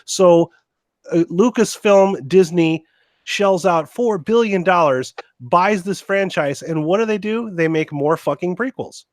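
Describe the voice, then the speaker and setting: A man's voice: sits high, unhurried, no echo. Give me a ranting, exasperated man in casual podcast chat, with a dry close sound. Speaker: podcast co-host.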